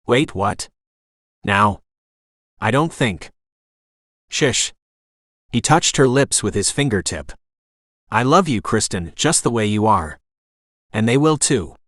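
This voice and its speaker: An audiobook narrator with a mid-range pitch reads scripted romance narration calmly and evenly, lending the dialogue a gentle touch. The recording is dry and close, without any room sound.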